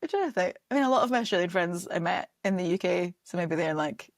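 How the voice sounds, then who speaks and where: A woman's voice: fairly low pitch, animated, quick pace, dry recording, clean studio sound. A young Scottish woman chatting casually on a podcast as a guest, laughing often and filling her talk with "like". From Scotland. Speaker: comedy director and promoter, guest.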